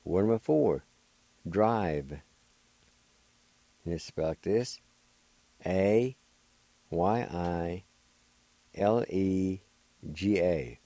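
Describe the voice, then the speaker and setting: A man's voice: sits low, drawn-out words, long pauses, mellow, dry recording. An older man with a Cherokee accent, hosting a radio language lesson and patiently spelling out words letter by letter. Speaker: language teacher and radio host.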